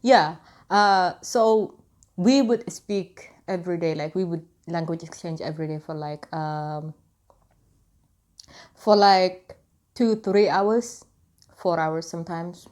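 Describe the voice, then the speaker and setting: A woman's voice: lowish voice, fairly even intonation, takes it slowly, pauses often, a little mellow. Chatty young woman vlogger rambling along. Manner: rambling and chatty, full of "like" and "anywho". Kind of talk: casual storytelling to camera.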